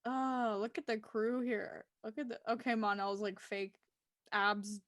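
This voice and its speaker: A woman co-hosting a casual online show, talking excitedly and emotionally while she reacts to pictures and sighs often. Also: fairly high pitch, unhurried, dry recording, studio quality. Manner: gushing, emotional, exclaims and sighs. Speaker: co-host of a TV discussion show. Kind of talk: casual chat, reacting to photos.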